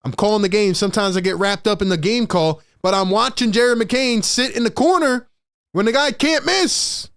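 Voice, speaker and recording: A young man hosting a fan live stream, calling the game play by play with excitable, frustrated energy and talking to his chat. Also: high-pitched, normal speed, smooth. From Philadelphia area.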